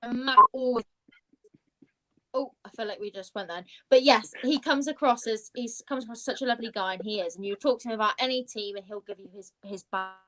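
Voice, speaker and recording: A woman's voice: on the high side, brisk, rough recording. A woman chatting effusively as a podcast guest on a video call, laughing often. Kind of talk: casual chat over a video call.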